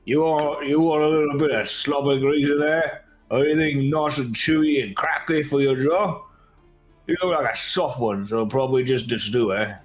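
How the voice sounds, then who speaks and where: A grumbly, blunt ogre cook, as a man puts him on, a huge brute teasing the customers. He speaks at a middling pitch without much disguise, with faint music under it. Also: normal speed, lightly acted. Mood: gruff.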